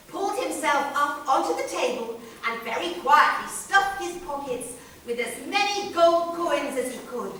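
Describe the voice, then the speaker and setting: A woman telling a children's story aloud to a live audience, playful and expressive. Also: sits high, distant mic, slight background noise. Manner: expressive, playful sound effects. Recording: echoey room, recorded from afar.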